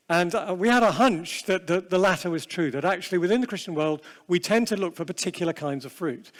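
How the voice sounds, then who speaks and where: A male seminar speaker who opens with a quiet prayer and then gives a conversational, self-deprecating talk full of asides. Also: a little high. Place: large convention hall. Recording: long hall reverb.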